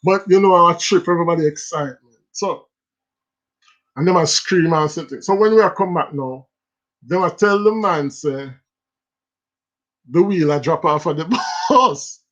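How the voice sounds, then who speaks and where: A man's voice: a little high, normal speed, pauses often, a bit bright. A Jamaican man hosting a casual stream, telling stories in patois and laughing often. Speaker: livestream host. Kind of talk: casual storytelling. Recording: slightly dull lo-fi sound.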